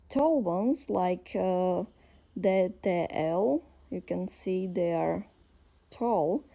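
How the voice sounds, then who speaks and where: A woman with a Slovak accent teaching a language lesson, explaining slowly with frequent fillers and pauses as she thinks aloud. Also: mid-range voice, gravelly, warm tone.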